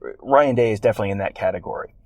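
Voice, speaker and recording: A man's voice: fairly low pitch, racing, darkish tone, dry recording. A man co-hosting a sports podcast in casual, rambling chat with wry self-deprecating jokes. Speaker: podcast co-host.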